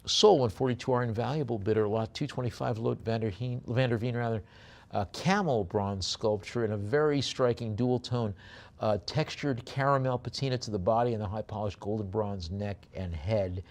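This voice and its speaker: A man's voice: on the low side, fairly even intonation, darkish tone. Man calling a live auction. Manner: lot descriptions with many fillers, quick chanted bid calls.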